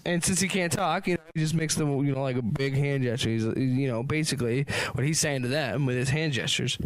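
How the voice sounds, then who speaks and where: A man's voice: medium pitch, fairly quick, poor audio. A man improvising a rambling comic story as a podcast host, laughing often and swearing.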